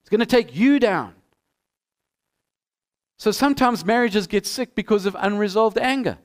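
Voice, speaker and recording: A middle-aged male pastor preaching a sermon with animated storytelling, acting out both sides of the dialogues. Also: sits high, normal speed. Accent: non-American.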